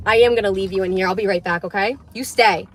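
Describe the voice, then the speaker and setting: A woman's voice: mid-range voice, steady tone, quick pace. Rambling young woman livestreaming from a car. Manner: rambling, chatty, swears casually. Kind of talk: casual livestream chat. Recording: livestream in a car with road noise. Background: car and road noise.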